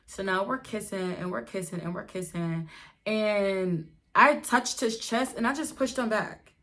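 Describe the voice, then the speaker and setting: A young woman vlogger telling a storytime in a chatty, animated way, talking straight to her viewers. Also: medium pitch, a little slow. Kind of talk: casual storytime.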